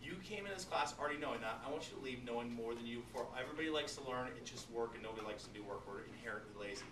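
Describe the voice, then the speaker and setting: Animated male teacher in an echoey classroom. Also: mid-range voice, racing. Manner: animated, joking, talks straight to students. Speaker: biology teacher. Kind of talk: classroom lecture. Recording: echoey classroom, distant mic, noisy.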